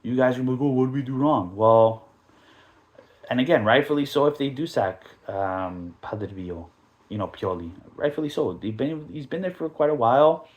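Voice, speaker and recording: A man's voice: mid-range voice, moderate pace, muffled recording. Ranting, joking man with a Canadian accent. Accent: Canadian English. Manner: animated, joking, profane, rambling ranting. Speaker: podcast host. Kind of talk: casual football podcast rant.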